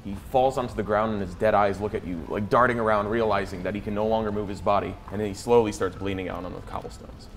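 A man's voice: fairly low pitch, fairly even intonation, quick pace, few pauses, a little hiss or hum. A young man narrating a tabletop game as game master, describing scenes with dramatic flair and frequent restarts.

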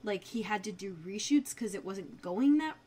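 A woman's voice: medium pitch, expressive, normal speed, mellow, slightly rough. A young adult woman co-hosting a podcast, chatting casually about a TV episode and adding dry comments. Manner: conversational, adds dry comments. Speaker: podcast co-host. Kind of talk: casual recap chat.

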